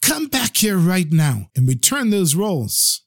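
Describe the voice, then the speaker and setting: A man voicing an angry townsman who shouts and scolds. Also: sits high, very animated, takes it slowly, dry recording, clean studio sound, voice pushed up, exaggerated voice. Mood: shouting.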